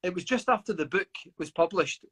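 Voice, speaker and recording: A man's voice: high-pitched, expressive, brisk, fairly bright tone, breathy edge. A middle-aged man from the UK, a guest author reflecting at length in an interview, often stammering and restarting. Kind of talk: interview over a live video call.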